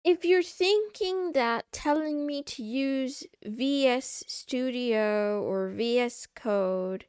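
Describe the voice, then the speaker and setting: High, slow-talking sarcastic streamer woman. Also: a little mellow, clear, resonant tone, no echo, studio quality. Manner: sarcastic, playful, answering chat. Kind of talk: casual live-stream chat.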